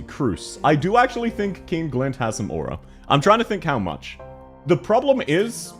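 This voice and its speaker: An Australian man streaming and chatting casually, joking and laughing often with crude banter. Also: on the high side. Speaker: game streamer. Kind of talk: casual livestream chat.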